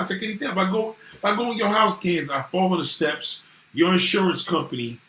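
A man ranting casually to viewers, animated and swearing freely. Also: sits high, a little hiss or hum. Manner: animated, swearing, voices others in quotes. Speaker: vlogger talking to viewers. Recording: echoey room.

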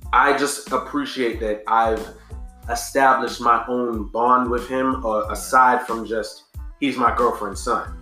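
A man co-hosting a podcast in casual chat, telling relaxed, slangy stories that often trail off and restart. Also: medium pitch, echoey room. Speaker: podcast co-host.

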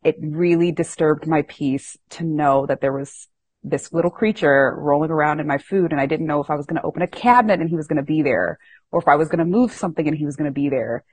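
Woman podcast host: low, husky voice, dry close sound, animated and self-mocking storytelling. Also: fast talker, dry recording. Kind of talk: casual storytelling chat.

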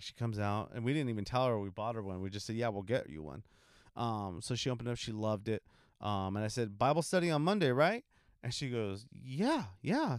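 A young man from California who serves in a church ministry, telling a testimony in a relaxed, rambling way with many ums. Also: lowish voice, clean tone, dry recording, studio quality. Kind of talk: casual testimony talk.

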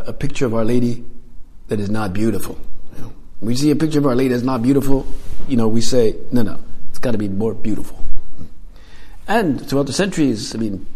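A man's voice: mid-range voice, a little mellow. A man preaching a homily as a priest, talking conversationally with frequent fillers and repeated phrases.

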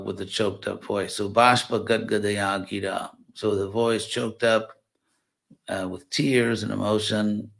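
A man giving a scripture class, explaining Sanskrit verse word by word in a thoughtful, unhurried way. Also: on the low side, vocal fry, a bit bright. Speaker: scripture teacher.

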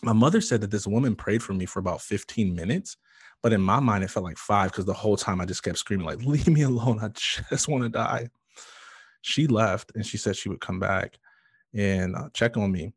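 A man's voice: lowish voice, a little fast, slightly rough, no room sound. A man earnestly telling an emotional personal story in conversation, with many fillers and restarts. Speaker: guest sharing his testimony.

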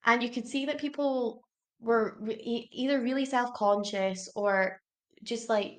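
A woman's voice: a little high, steady tone, unhurried. A young woman as a podcast guest in casual chat, chatty and full of fillers, laughing easily.

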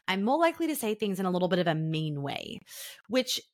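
A woman's voice: medium pitch, very animated, fast, dry recording, studio quality. A young woman talking casually and frankly on a podcast, acting out the voices of people she quotes. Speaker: podcast guest.

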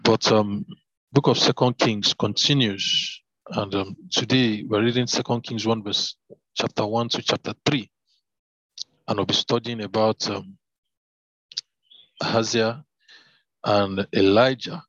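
A man reading scripture aloud, with fervent asides and halting fillers between passages. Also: on the low side, fairly even intonation, a bit bright, no room sound. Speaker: Bible reader. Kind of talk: devotional Bible reading with commentary. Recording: dull lo-fi, dry.

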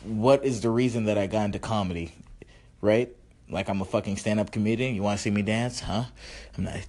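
A man's voice: fairly quick, a little mellow. Tipsy rambling man hosting podcast. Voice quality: slightly high, funny-sounding voice. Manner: rambling, self-mocking, profane. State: slightly tipsy from drinks. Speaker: podcast host. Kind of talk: casual solo podcast monologue.

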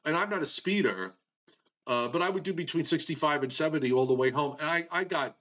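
Relaxed man, halting, dull lo-fi sound. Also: on the high side. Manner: relaxed, halting with many restarts. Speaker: weather show co-host. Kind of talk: casual chat.

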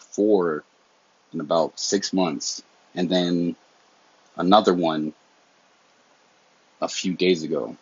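A young Southern man talks straight into the mic on his own podcast, candid and slangy, his voice low and husky. The recording is dry and a little dull, like lo-fi home gear. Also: dry recording. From American South. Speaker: podcast host. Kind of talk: casual solo podcast talk.

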